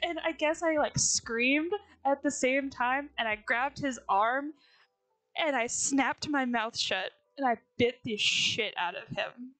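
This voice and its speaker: A woman's voice: sits high, takes it slowly, a bit bright, no echo, faint music behind, poor audio. A young woman chatting casually on a stream, telling stories with lots of laughter and acted-out quotes. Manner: giggly storyteller, acts out quotes. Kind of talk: casual chat.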